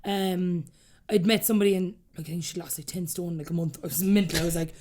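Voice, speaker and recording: A woman's voice: lowish voice, slight background noise. A woman in her thirties with an Irish accent, a podcast guest telling her story candidly and acting out the things people said to her. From Ireland. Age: 30s. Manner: rapid, animated, acts out quoted dialogue.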